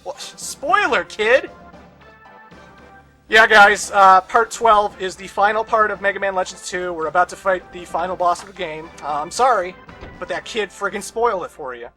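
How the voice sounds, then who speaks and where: A man's voice: high voice, brisk, bright, forceful tone, soft background music. A young man commenting on a video game as he plays, casual and sarcastic, with ranting asides and swearing. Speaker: let's play host.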